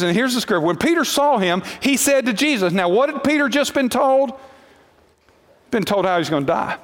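A man with a high voice preaches a sermon and tells the story with lively energy, acting out each character's lines. His voice rings with the long reverb of a large hall.

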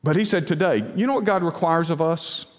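A man preaching a sermon, emphatic, with rhetorical questions and sudden drops to a hushed low voice. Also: a little fast, big-room sound. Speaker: pastor.

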